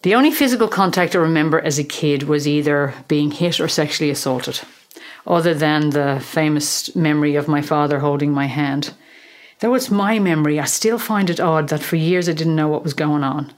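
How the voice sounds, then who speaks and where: A middle-aged Irish woman hosting a podcast, telling a personal story in a measured, gently humorous way. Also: low-pitched. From Ireland. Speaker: podcast host, therapist. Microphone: podcast microphone in a small room.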